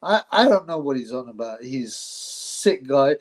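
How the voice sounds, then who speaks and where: A man's voice: mid-range voice, sing-song, unhurried, rough recording. A man hosting a live boxing stream, chatting casually, rambling, laughing often and thanking his viewers.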